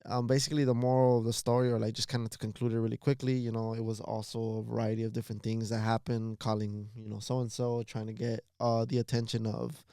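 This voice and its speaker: A man co-hosting a casual podcast, talking in a measured way with many fillers like "you know". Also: on the low side, flat delivery, warm tone, clear, resonant tone, dry recording, studio quality. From Los Angeles area. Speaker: podcast co-host. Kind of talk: casual chat.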